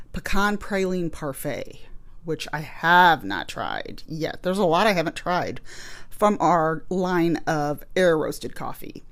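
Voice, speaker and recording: A woman hosting a true crime podcast, chatting casually and rambling a bit, a little out of breath. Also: low voice. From Illinois, USA. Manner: chatty, rambling, laughs easily. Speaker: podcast host. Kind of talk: casual chat. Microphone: studio microphone.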